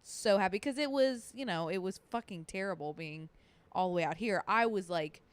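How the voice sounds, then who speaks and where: A young woman co-hosting a casual podcast, talking expressively and often trailing off mid-thought, with frequent swearing. Her voice is clear and smooth. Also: medium pitch, moderate pace. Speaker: podcast co-host.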